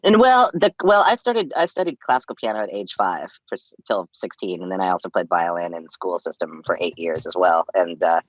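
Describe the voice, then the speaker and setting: A man's voice: low voice, expressive, a little fast, hardly any pauses, no echo. A man, a comedian and voice actor, talking as a guest in a casual podcast interview, rambling with laughs and restarts.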